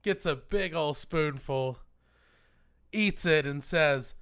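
A man co-hosts a casual film podcast, talking in a smooth, resonant voice set slightly above average. He walks through the scenes in a relaxed, dry way. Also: a little high, slow. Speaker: podcast co-host. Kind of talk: casual film-review chat.

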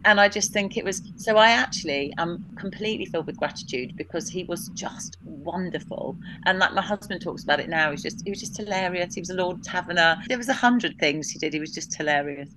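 A woman's voice: fairly low pitch, fast, hardly any pauses, noisy background. A woman guest telling a personal story of grief and gratitude in a candid, reflective way, quoting what others said to her. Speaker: podcast guest.

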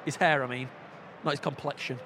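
A man's voice: mid-range voice, steady tone, fairly quick, sharp tone, a little hiss or hum. A man co-hosting a podcast, chatting casually and joking through a live football match. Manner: joking, banter-heavy, swears when his team concedes. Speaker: podcast co-host.

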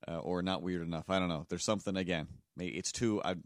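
A lower-voiced man, co-hosting a podcast with a dry, close sound. He rambles and makes fun of himself, and he puts on voices for the people in his story. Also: fairly even intonation, fast talker, dry recording. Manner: rambling, self-deprecating, acts out voices in stories. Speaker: podcast co-host. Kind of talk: casual chat, storytelling.

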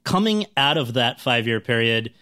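A man's voice: mid-range voice, sing-song, moderate pace, sharp tone, clean tone. A man hosting an interview, asking long, searching questions with hesitant fillers. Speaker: interview host.

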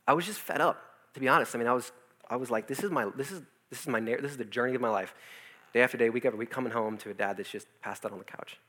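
A man's voice: medium pitch, very fast. A young man working as a youth pastor, telling a personal testimony in his office and acting out the voices of the people in his story. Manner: animated storytelling, acts out quoted voices.

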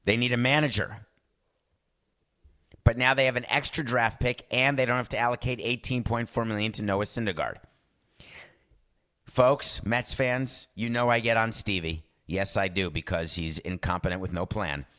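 A man's voice: lowish voice, moderate pace, fairly bright tone. A man hosting a sports talk show, riffing in a theatrical way and acting out phone calls in character voices. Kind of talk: animated sports talk monologue.

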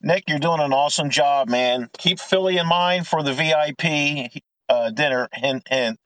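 A man's voice: a little high, moderate pace, fairly bright tone, no echo, low-quality recording. Chatty man in his fifties calling in. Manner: chatty storyteller, joking. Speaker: caller. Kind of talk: casual chat.

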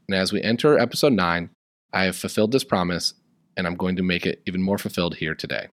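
A man's voice: low voice, quick pace, dry recording, studio quality. A young man hosting a podcast in a casual, joking way, chatting wryly about a musical and its fan fiction. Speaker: podcast host.

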